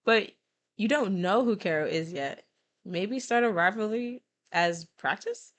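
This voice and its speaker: A woman voicing a friendly, chatty café regular in a game, a little higher and sing-song. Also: lively intonation, a little slow, fairly bright tone.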